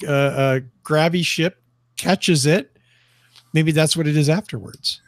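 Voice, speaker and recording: A man co-hosting a podcast in casual chat, joking and animated, full of fillers and restarts. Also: fairly high pitch, measured pace, no echo. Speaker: podcast co-host.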